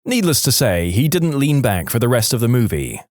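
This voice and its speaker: A man's voice: medium pitch, very animated, moderate pace, darkish tone, no room sound. A man narrating online stories aloud with a dry, wry delivery on a close microphone. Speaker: story narrator.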